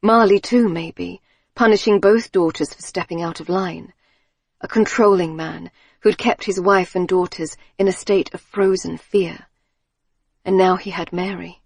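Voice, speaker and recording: A woman reading an audiobook thriller in a measured, tense storytelling manner on a close studio mic. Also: on the low side, steady tone, vocal fry, breathy edge, dry recording. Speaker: audiobook narrator. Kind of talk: scripted audiobook narration.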